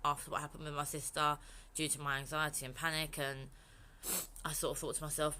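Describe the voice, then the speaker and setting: A woman's voice: low-pitched, flat delivery, fairly quick, sharp tone, smooth. A young woman from England talking frankly in a personal vlog, rambling and swearing freely. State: emotional, near tears. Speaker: vlogger.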